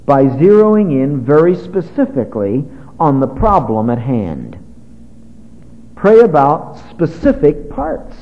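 A man preaching a sermon to a church congregation, with animated delivery that rises to emphatic peaks. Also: fairly high pitch, lo-fi sound. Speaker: pastor. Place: church service.

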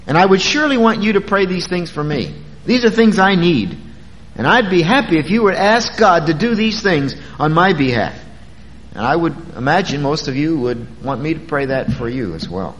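A pastor preaching to his congregation in a high, lively voice that swoops up and down. He talks to them conversationally, drawing out important words for emphasis. A long reverb from the church sanctuary hangs behind him. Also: normal speed, muffled recording. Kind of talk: sermon.

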